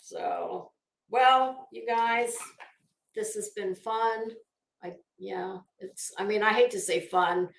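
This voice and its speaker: A woman's voice: medium pitch, steady tone, slow, reverberant, a little hiss or hum. A tired, worn-out woman hosting a livestream in casual chat, reading comments and rambling with trailing thoughts. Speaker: livestream host.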